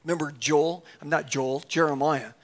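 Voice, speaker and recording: His voice is on the high side and his speed normal as he preaches, telling a comic story about himself with lively self-mockery and acted-out dialogue. Then he urges the congregation on, sometimes breaking into a shout.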